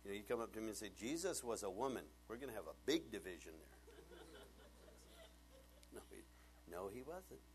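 A man in his thirties preaching a sermon, animated and jokey, acting out voices as he tells stories. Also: fairly low pitch, normal speed, pauses often, background noise. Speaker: pastor.

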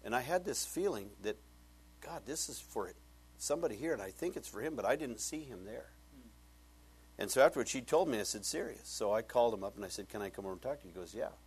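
A middle-aged male pastor giving a conversational sermon, telling stories and swinging from hushed asides to loud emphatic points. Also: mid-range voice, lively intonation, fast, breathy edge.

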